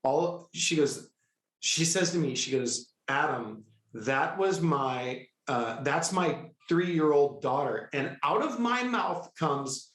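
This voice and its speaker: A middle-aged man telling a personal story with excitable, animated energy, often breaking into quoted dialogue. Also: on the high side, slow pace. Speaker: guest, healer. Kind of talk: storytelling in a conversational interview. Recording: echoey room.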